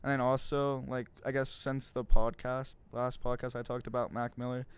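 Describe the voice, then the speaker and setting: Young guy rambling on his podcast, lots of likes and ums, super smooth voice. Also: medium pitch, little pitch movement, normal speed. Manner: rambling, filler-heavy, laughs often. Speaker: podcast co-host. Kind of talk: casual chat. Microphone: studio mic.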